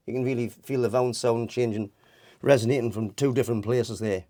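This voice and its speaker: A man's voice: medium pitch, fairly even intonation, brisk, mellow, no room sound, clean studio sound. A man giving an informal voice lesson, rambling and restarting as he explains and demonstrates vowel sounds. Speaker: voice teacher.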